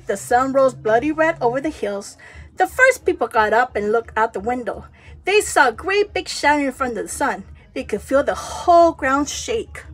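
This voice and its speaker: Woman storyteller, children's tale, high voice, lively swoops, sound effects. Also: normal speed. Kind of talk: children's story read-aloud.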